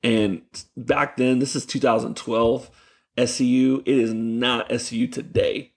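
Gravelly-voiced man telling stories. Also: mid-range voice, measured pace. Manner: animated, laughing storyteller with many fillers. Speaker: youth pastor, podcast guest. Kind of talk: casual storytelling chat.

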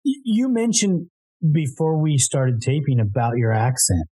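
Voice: mid-range voice, big pitch swings, a little slow, mellow, breathy edge. An interviewer asking casual questions and sometimes stumbling over the first words.

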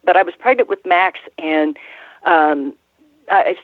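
A woman's voice: lowish voice, expressive, slow pace, no echo. A woman in her sixties, a former ring announcer, telling rambling stories in a casual interview and laughing often. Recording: tinny phone line, dry.

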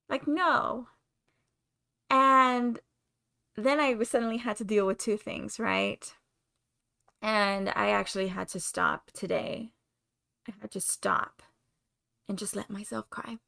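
A young woman with a Spanish accent, talking openly and confessionally as a podcast host, sometimes pausing to find her words. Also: mid-range voice, gravelly, pushed and bright. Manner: open, confessional, searching for words. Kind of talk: candid solo podcast monologue.

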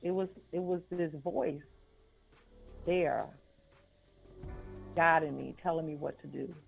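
A woman, an author and life coach, telling a personal story in a podcast interview, slow and earnest, repeating phrases for weight. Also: low voice, creaky, breathy edge. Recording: phone-like line with faint music.

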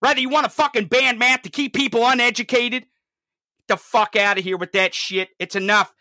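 A commentator delivering an angry, profanity-heavy political rant, swinging from low growls to shouts. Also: steady tone, normal speed, dry recording, clean studio sound.

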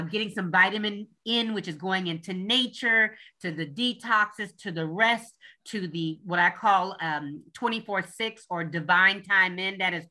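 A woman guest on an interview show, a leadership coach talking with upbeat enthusiasm and spelling things out slowly. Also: lowish voice, pushed and bright.

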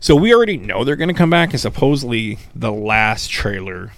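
A man co-hosting a podcast, rambling in casual, animated chat and swearing freely. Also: medium pitch, fairly quick, no room sound. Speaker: podcast co-host.

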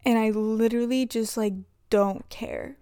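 A young adult woman vlogger talks through her personal struggles in a rambling, confessional way, packing her speech with "like" and restarts. Her voice is fairly high, mellow and smooth, steady and unhurried, in clean studio sound with no room sound.

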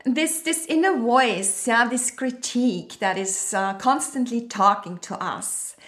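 A woman host asks slow, searching questions with many ums and uhs. Her voice is a little high, and the recording has a roomy echo. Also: fairly bright tone. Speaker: interview host. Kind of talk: interview questions.

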